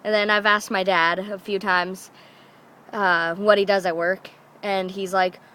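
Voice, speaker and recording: Brief: young woman vlogger, chatty and rambling, puts on quick voices for family. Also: medium pitch, little pitch movement, sharp tone. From Alaska. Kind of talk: casual storytelling to camera.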